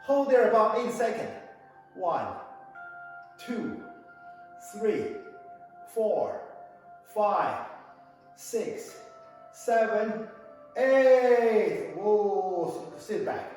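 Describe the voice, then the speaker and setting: A man with a high voice leads a qigong class over a video call, speaking slowly and counting out each rep. He sounds far from the mic in a very echoey hall with long reverb, with faint music behind him. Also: animated, a little mellow. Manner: counts out reps and gives short commands, teasing students. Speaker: qigong instructor. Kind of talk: online exercise class instruction.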